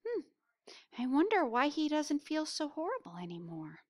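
A woman reading a picture book aloud to children, pausing to ask them questions. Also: high voice, dry recording, studio quality. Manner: asks listeners questions, expressive. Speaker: storybook reader.

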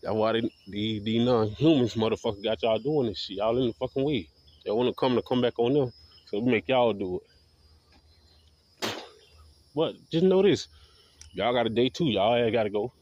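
A man's voice: medium pitch, normal speed, long pauses, darkish tone, dull audio. A man delivering a profane, defiant, repetitive rant to camera as a video blogger. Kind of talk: ranting monologue to camera.

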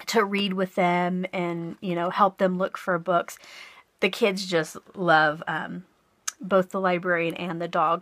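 A likely middle-aged craft vlogger chats casually with her viewers while showing and describing craft purchases in a haul and flip-through. Her mid-range voice is a bit bright, with no room sound.

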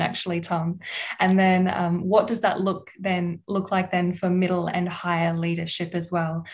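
A woman moderating a webinar, politely relaying questions to the panel with some hesitant fillers. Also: on the low side.

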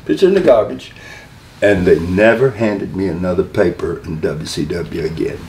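A man's voice: low voice, moderate pace. Older Southern man, folksy storyteller. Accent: Southern American. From Southern United States. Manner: folksy, animated storyteller who acts out quotes. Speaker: interview guest, former wrestling manager. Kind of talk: storytelling interview. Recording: echoey room, mic at a distance, faint hiss.

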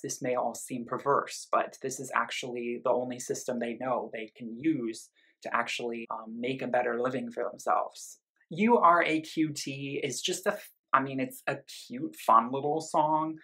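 A man's voice: medium pitch, bright, forceful tone, rough recording. A man giving a casual spoken album review, explaining his ideas in loose bursts full of "um" and "you know" asides.

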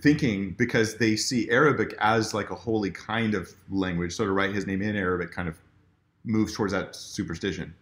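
A man taking part as a guest in a casual live discussion, talking quickly and eagerly. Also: on the low side, fairly bright tone, roomy sound.

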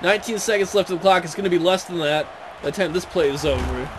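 A man's voice: sits high, fast talker, noisy background. A young man commentating his own football video game, frustrated and ranting at the coach. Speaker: gaming commentator. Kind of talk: let's play commentary.

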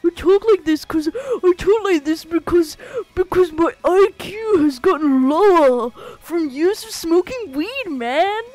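A woman mocking a slow dazed stoner guy. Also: very high voice, expressive, darkish tone, soft background music, pitched above the performer's own voice, low-quality recording. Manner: mocking, slurred drawl. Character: dim-witted drawling male stoner, slow and dazed.

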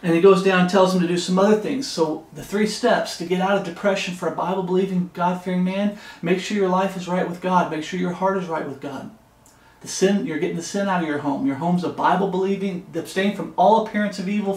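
A man's voice: high-pitched, roomy sound. A man teaching a Bible study in an earnest, repetitive way, reading scripture aloud between remarks. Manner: earnest, repeats and restarts phrases, reads scripture aloud. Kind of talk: sermon-style Bible study.

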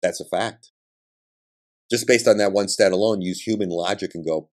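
Deep-voiced man ranting combatively. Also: steady tone, moderate pace, darkish tone. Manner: emphatic, combative ranting with blunt profanity. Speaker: podcast host. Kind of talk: political monologue.

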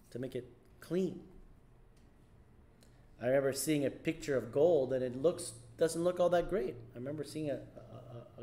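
A man's voice: a little high, a little mellow. A man teaching a Sunday school sermon in church, emphatic and repetitive, often asking the class rhetorical questions. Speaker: pastor.

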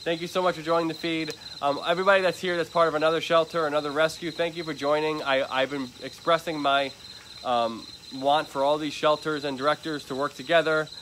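A man's voice: fairly high pitch, steady tone, brisk, fairly bright tone. A man chatting casually to livestream viewers outdoors at an animal shelter, often sweet-talking a dog. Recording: noisy outdoor phone livestream. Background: crickets and insects.

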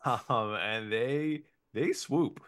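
A man running a tabletop game as game master, narrating with halting, repeated words. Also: mid-range voice, a bit bright. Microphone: own mic on a remote recording.

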